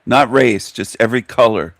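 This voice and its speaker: A man hosts a reaction commentary, mocking and confronting the video he's watching and talking back at the clip. He has a mid-range voice at a moderate pace, and the studio-quality recording has no echo.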